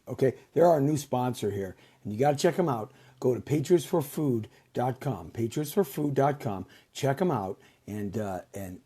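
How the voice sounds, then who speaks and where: A man hosting his own show, rambling through casual sponsor pitches in a repetitive, salesman-like way. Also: warm tone, slightly rough. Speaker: show host.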